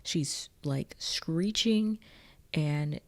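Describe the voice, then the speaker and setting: A woman's voice: low-pitched, drawn-out words. A woman hosting a casual film recap video, chatty and jokey, with "like" sprinkled all through her talk. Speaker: video essay host.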